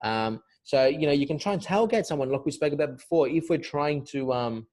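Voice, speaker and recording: A man's voice: a little high, lively intonation, brisk, darkish tone. A man giving an informal cybersecurity lesson in a loose, chatty way, full of fillers and restarts. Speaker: cybersecurity instructor.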